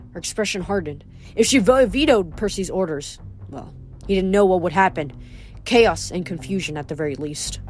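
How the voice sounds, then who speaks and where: A woman hosting a podcast, reading a novel aloud and then signing off casually with fillers and restarts. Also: fairly low pitch. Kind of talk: read-aloud narration and casual sign-off.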